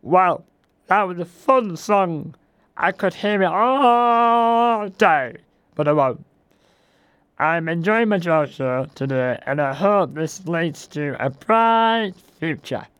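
A man's voice: sits high, expressive, takes it slowly, fairly bright tone, clear, resonant tone, no room sound. A man hosting a comic mock radio show, rambling and self-deprecating between links.

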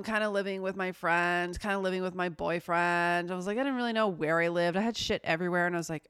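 A woman's voice: on the low side, fairly quick, hardly any pauses, a bit bright, smooth, no room sound, clean studio sound. A woman in her thirties co-hosting a podcast, telling personal stories in casual chat and swearing often. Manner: storytelling, frequent swearing. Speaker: podcast co-host.

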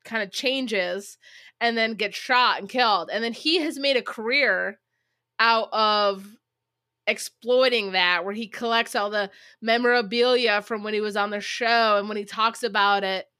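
A woman's voice: mid-range voice, a little slow, pushed and bright, no room sound, clean studio sound. Chatty, enthusiastic woman talking films. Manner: enthusiastic, chatty, swears casually. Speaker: podcast co-host, film reviewer. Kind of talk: casual chat.

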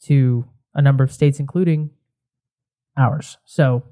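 A man co-hosting a beer podcast in casual chat, easygoing and halting as he talks. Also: mid-range voice, fairly even intonation, dark tone. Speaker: podcast co-host.

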